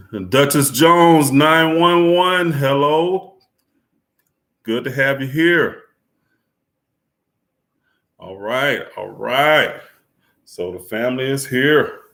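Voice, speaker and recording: Laid-back guy hosting a livestream, kinda high voice, laughs a lot. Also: pushed and bright. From United States. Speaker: livestream host greeting viewers. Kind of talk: casual live-stream chat.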